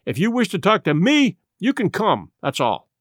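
A stern, curt ship's captain, read out by a man, snapping clipped commands. His voice sits a little high and moves a lot in pitch. Recorded close and dry. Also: wildly swooping pitch, moderate pace, fairly bright tone, no room sound, heavily acted. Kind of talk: audiobook character reading.

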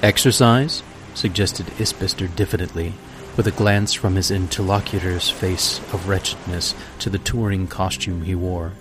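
Low-voiced man reading a classic story. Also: little pitch movement, normal speed, music in the background. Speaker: podcast host. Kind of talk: scripted narration of a classic story.

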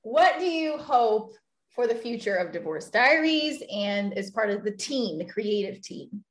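A woman's voice: on the high side, measured pace. A woman hosting and producing a show, chatting casually and animatedly in an interview. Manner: animated, laughs often. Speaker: host and producer.

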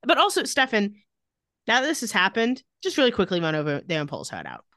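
A woman co-hosting a casual recap podcast who retells each scene with dry, sarcastic asides. Her pitch rises and falls a great deal as she reads the lines. The recording is dry and close to the mic. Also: wildly swooping pitch, fast, fairly bright tone, dry recording. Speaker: podcast co-host recapping a TV episode. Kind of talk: casual chat.

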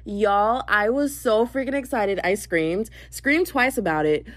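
A young woman, chatting excitedly in a casual podcast recorded as phone voice notes. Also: medium pitch, a little slow, no room sound. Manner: chatty, excitable, gushing storyteller. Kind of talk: casual voice-note podcast chat. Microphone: phone voice memo.

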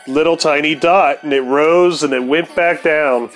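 A man's voice: a little high, a little slow, fairly bright tone, soft background music. A man telling a rambling, profane story on his podcast, laughing now and then. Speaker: podcast host. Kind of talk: casual storytelling monologue.

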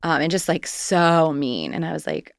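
A woman's voice: deep voice, normal speed, gravelly, no echo, clean studio sound. A woman in her thirties, a guest candidly recounting a personal story in casual, rambling conversation.

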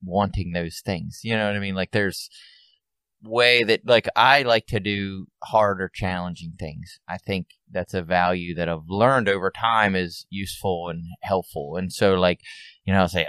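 A man's voice: low-pitched, unhurried, fairly bright tone, smooth, no echo. A man co-hosting a podcast in casual chat, earnest and reflective, swearing casually. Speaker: podcast co-host.

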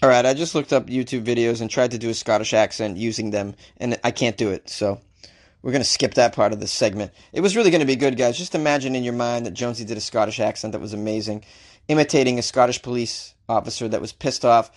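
A man hosting a comedic offbeat-news segment, reading stories and throwing in animated, jokey asides. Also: medium pitch, fast. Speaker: host.

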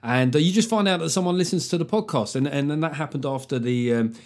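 Sweary comedian hosting a podcast. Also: male voice, on the high side, fast talker. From London. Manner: sweary, joking, lively storytelling. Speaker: podcast host and stand-up comedian. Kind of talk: solo podcast monologue.

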